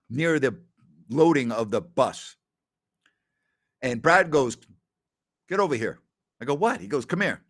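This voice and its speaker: A middle-aged man hosts a casual question-and-answer session, his voice sitting at a middling pitch. He rambles warmly through anecdotes, acting out bits of dialogue, and keeps coming back to "absolutely". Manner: chatty, tells anecdotes with quoted dialogue, often says "absolutely". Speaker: host answering listener questions. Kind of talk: casual Q&A storytelling.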